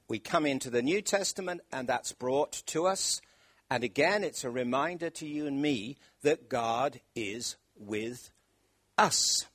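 A man preaching a sermon in church, with loud emphatic stresses and questions put to the congregation. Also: on the high side, breathy edge, dry recording.

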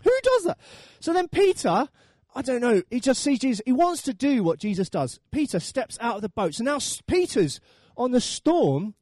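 Animated high-voiced preacher. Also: male voice, no echo, clean studio sound. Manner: animated storytelling, acting out voices. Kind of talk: sermon.

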